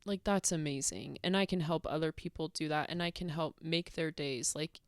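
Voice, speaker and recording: A woman records a candid personal vlog rant with a lowish, smooth, resonant voice. She rambles and swears freely, peppering her talk with "like". The sound is close and dry. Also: moderate pace, dry recording. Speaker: vlogger.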